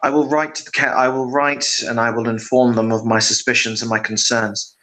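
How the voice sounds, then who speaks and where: A powerful mage lord speaks in measured, formal sentences, as a game master voices him. He sounds tired and burdened, yet he keeps his authority. His voice sits at an ordinary middle pitch. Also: flat delivery, pushed and bright, close to an everyday voice, poor audio. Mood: troubled. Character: tall, powerful, authoritative male mage leader.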